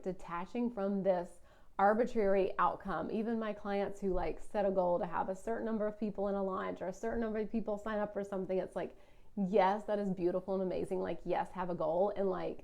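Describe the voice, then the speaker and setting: A woman's voice: mid-range voice, vocal fry, darkish tone. A woman, a business coach talking through a casual solo podcast monologue. She is chatty and fills her talk with "like". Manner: chatty, heavy use of "like", puts on a whiny voice for complaints.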